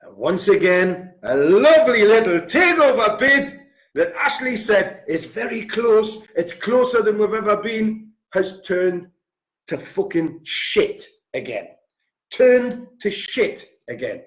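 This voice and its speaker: A man's voice: on the high side, lively intonation, slow pace. A man, ranting furiously about his football club, swearing and hammering the same figures again and again. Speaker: football fan pundit. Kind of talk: angry football rant. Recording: roomy echo.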